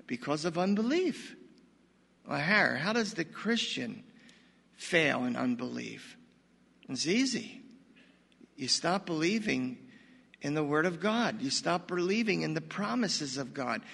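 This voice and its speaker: Older male pastor, high and bright, folksy animated sermon, long hall reverb. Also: a little slow, gravelly, pauses often, slightly rough. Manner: animated, folksy preaching with sudden loud bursts.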